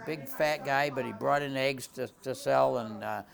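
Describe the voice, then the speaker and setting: Older man, gravelly, rambling tavern stories, many restarts. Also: mid-range voice, moderate pace, very noisy. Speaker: tavern owner telling stories. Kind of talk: rambling spoken anecdotes.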